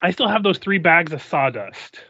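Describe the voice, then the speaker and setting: Bright, higher-voiced swearing male player. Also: lively intonation, normal speed, gravelly, no echo. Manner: laid-back, swears freely. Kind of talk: casual tabletop play. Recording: dull, dry mic sound.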